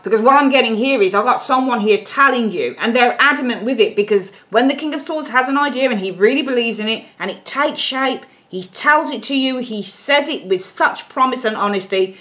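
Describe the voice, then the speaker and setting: A woman giving a casual tarot reading, blunt and animated, and she swears freely. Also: on the high side. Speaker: tarot reader.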